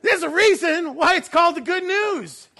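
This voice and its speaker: A man with a strikingly high voice preaches a sermon to his congregation. He gets loud and laughing in his stories, then drops low and quiet to read scripture. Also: normal speed. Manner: animated preaching, swinging from loud laughing bursts to low solemn reading. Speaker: pastor.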